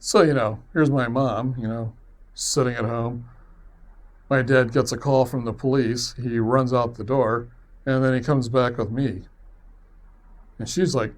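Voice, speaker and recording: A man of medium pitch recounting a story from his own life. He rambles along in a loose, conversational way, self-deprecating, with an easy chuckle here and there. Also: measured pace, pauses often. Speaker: web series producer. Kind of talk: personal storytelling.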